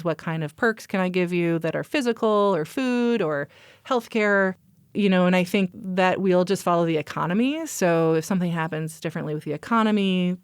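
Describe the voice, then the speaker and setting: Woman guest chatting in an interview, lowish smooth voice, says "like" a lot, dry close sound. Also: no room sound. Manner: chatty, many "like" fillers, thinking aloud. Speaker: workplace strategy executive, guest. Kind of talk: casual interview chat.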